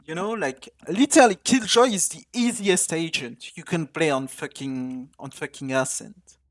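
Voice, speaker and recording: A man's voice: a little high, moderate pace. A man streaming live gameplay, ranting angrily at his teammates with heavy swearing. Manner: complains loudly about teammates. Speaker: streamer playing a competitive shooter.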